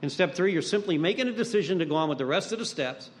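A man's voice: on the high side, lively intonation, fast, slight background noise. A middle-aged man giving a personal recovery talk at a meeting. He tells stories bluntly, with some swearing, and acts out the voices of people he quotes. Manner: blunt, profane storytelling.

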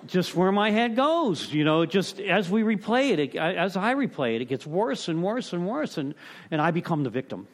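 A man's voice: sits high, very animated, normal speed. A middle-aged man sharing at a recovery meeting, rambling through a story with many restarts, "you know"s and casual cursing.

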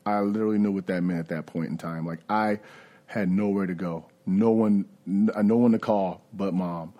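A man's voice: low-pitched, fairly even intonation, normal speed, dull audio. A man giving a candid, conversational personal recovery testimony. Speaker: recovery speaker.

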